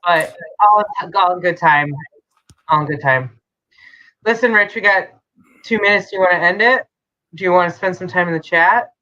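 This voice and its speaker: A woman's voice: lowish voice, moderate pace, long pauses, sharp tone, dull audio. A woman with a Midwestern American accent co-hosting a casual podcast, giggly and laughing often. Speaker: podcast co-host. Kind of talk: casual chat.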